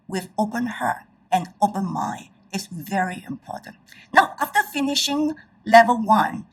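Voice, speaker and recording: Woman public speaking trainer, lively high voice, husky, mic set some way off; emphatic, checks in with listeners. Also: distant mic, poor audio. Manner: emphatic, checks in with the audience often. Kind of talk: presentation to an audience.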